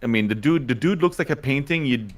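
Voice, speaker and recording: A man's voice: mid-range voice, lively intonation, brisk. A man co-hosting a casual livestream, explaining things in an opinionated way and often checking in with "right?". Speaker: livestream co-host.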